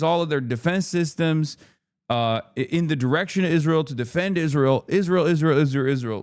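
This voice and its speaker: A man's voice: a little high, darkish tone. A man hosting a livestream, ranting in frustrated, profane political commentary. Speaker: livestream host.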